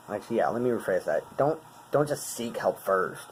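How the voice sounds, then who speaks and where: A man in his twenties, talking earnestly and haltingly as a vlogger, searching for his words. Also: lowish voice, expressive, a little hiss or hum, low-quality recording. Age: 20s. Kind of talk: casual talk explaining song lyrics.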